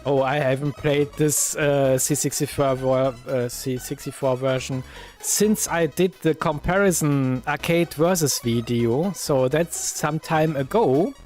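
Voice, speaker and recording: Slow-talking German-accented man streaming retro games. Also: on the high side, a little mellow, soft background music. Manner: slow, thinking aloud with many fillers, bursts of exclaiming at the game. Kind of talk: casual live-stream commentary.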